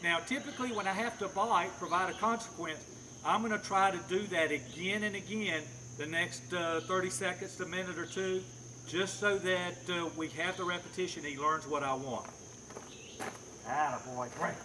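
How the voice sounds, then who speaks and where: A man with a fairly high voice explains his dog training methods outdoors while he works a dog, switching between explanation and short, firm commands and praise. Faint insect noise hums behind him. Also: normal speed. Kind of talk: hands-on training demonstration.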